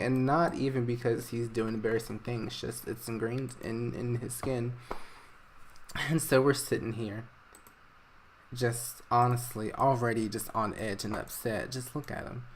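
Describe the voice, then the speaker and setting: A man narrating a game story in casual, gossipy commentary, with excitable exclamations. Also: medium pitch, moderate pace.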